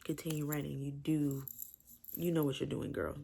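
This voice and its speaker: Low gravelly woman gushing over a book she loved, chatty and emotional. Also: fairly even intonation, a little fast, darkish tone. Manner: emotional, chatty, repeats herself. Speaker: book reviewer. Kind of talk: casual book review vlog.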